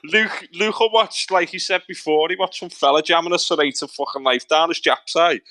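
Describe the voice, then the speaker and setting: A man's voice: fairly high pitch, normal speed. A young man with a Scouse accent co-hosting a podcast, swearing a lot and winding up his mates. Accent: Liverpool Scouse. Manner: loud, swearing, laughing, winding others up. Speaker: podcast co-host. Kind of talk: crude casual banter.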